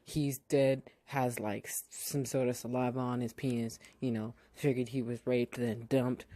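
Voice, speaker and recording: A podcast reviewer recapping a TV episode in a casual, profane way, with sarcastic asides and lively put-on voices for the characters. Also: mid-range voice, no echo. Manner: blunt, sarcastic asides, heavy swearing; drawn-out, animated voices when quoting characters.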